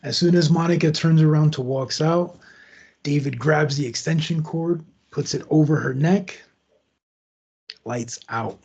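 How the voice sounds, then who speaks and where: A man tells a true crime story in a loose, conversational way, adding asides as he goes. His voice is fairly high for a man, yet dark and husky with a gravelly edge. The recording sounds dull and lo-fi. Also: a little slow. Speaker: podcast host.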